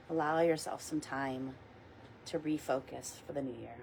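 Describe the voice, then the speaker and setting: A woman leading a guided meditation, speaking softly and slowly and repeating calm mantras. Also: extremely low pitch, vocal fry, slight background noise, rough recording. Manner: soft, slow, reassuring, repeats mantras. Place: outdoors or near a window in wind.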